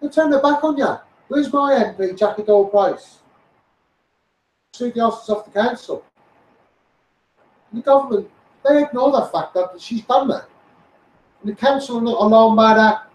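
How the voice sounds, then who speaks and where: A man's voice: very high voice, normal speed, long pauses, echoey room, far from the mic, low-quality recording. A man with a Liverpool accent hosting a casual live stream, reading out viewer comments and calling people mate. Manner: addresses viewers by name, calls them mate.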